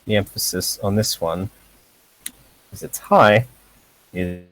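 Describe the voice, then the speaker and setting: Casual online tutor, male, low and unhurried, halting delivery with fillers and nervous laughs, on a voice call. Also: expressive, a bit bright, no echo, poor audio. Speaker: language teacher.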